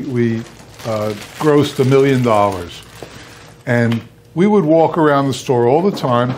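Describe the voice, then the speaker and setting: A man's voice: mid-range voice, a little mellow, a little hiss or hum. A man teaching an ice cream class, telling a story in an earnest and emphatic way, repeating points for effect. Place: seminar kitchen.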